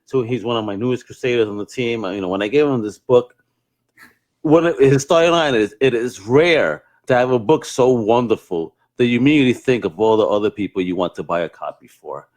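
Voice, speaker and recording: A man hosting a casual interview over a video call, excitable and animated, stumbling over his words as he asks questions. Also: medium pitch, fairly quick. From Latin America. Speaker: host.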